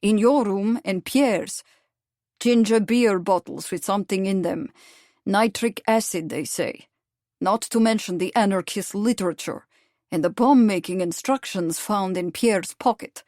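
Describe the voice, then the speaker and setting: A man's voice: sits high, measured pace, a little mellow, dry recording, studio quality. A woman voicing an earnest, apologetic Russian anarchist man with a Slavic accent in an audiobook.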